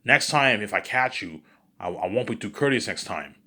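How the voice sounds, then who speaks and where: A man's voice: fairly low pitch, expressive, normal speed, sharp tone. Man putting on a stern traffic cop. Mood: warning. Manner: firm, clipped warnings.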